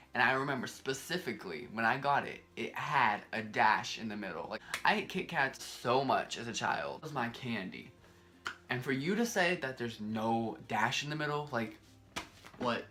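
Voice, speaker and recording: Young male vlogger, bright tone, animated and exasperated, rambling, faint music under the voice. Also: mid-range voice. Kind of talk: casual vlog countdown.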